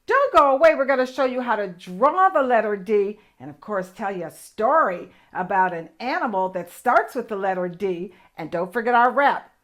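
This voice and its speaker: An older woman with a high voice teaches young children their letters. She is enthusiastic and exaggerated, and she slows down to sound out each letter carefully. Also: a bit bright. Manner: enthusiastic, exaggerated, slow demonstrative. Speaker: children's show host and teacher. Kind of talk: children's lesson.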